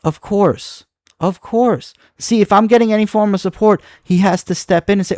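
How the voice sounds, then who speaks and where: A man's voice: sits high, moderate pace, darkish tone, no echo, clean studio sound. A man reacting to online comments in his video, exasperated and profane, rambling with frequent restarts. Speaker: video creator.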